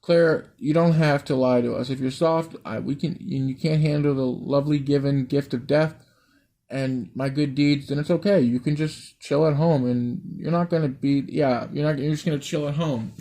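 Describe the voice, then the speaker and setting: A man's voice: a little high, fairly even intonation, moderate pace, dark tone, lightly acted. A man reading a smug, mocking young man. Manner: smug, insulting. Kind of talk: amateur story reading.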